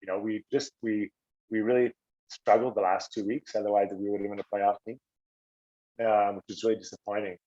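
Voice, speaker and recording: A middle-aged Canadian man, a former hockey player, telling stories casually on a podcast and acting out quotes with a raised voice. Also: fairly quick. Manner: animated, acts out quotes with raised pitch. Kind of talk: casual storytelling. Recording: slightly dull lo-fi audio.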